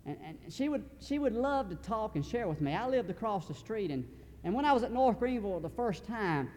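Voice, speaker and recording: A man's voice: high-pitched, big pitch swings, brisk, a little mellow. A man preaching a sermon in a large hall. He speaks earnestly in a folksy way and often restarts his sentences. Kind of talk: sermon storytelling.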